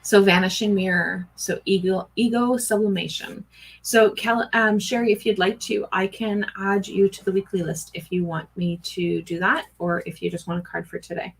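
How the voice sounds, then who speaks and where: A woman's voice: medium pitch, moderate pace, creaky, slightly rough, low-quality recording. A middle-aged woman doing a live-stream oracle card reading, chatting with viewers and greeting them by name. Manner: chatty, warm greetings to viewers, gushing excitement.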